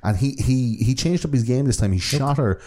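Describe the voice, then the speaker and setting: A man's voice: medium pitch, expressive, fairly quick, dark tone. A man recounting a true-crime case in casual chat, full of fillers and restarts. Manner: hesitant, many fillers and restarts, swears casually. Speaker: podcast co-host.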